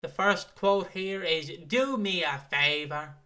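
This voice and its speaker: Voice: mid-range voice, slow, bright, forceful tone, poor audio. A podcast co-host, reading listener comments aloud in a chatty way, with laughing and swearing. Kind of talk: casual podcast chat.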